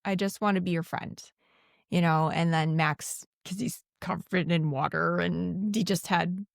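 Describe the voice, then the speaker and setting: A woman's voice: fairly low pitch, unhurried, gravelly, dry recording. A woman with a mid-range voice co-hosts a rewatch podcast and retells film scenes in an easygoing way. She leans on "like" and "you know" and quotes the characters as she goes. Her voice sounds dry and close to the mic. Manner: relaxed storytelling with frequent "like" and "you know", quoting characters. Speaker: podcast co-host. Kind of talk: casual movie recap chat.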